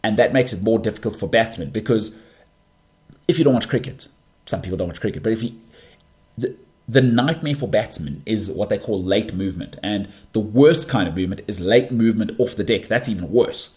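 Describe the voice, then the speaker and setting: A South African man talks in a casual monologue as the host of his own show. He is animated and full of banter, often stumbling and restarting. His voice sits a little low. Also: a little fast. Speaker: podcast host.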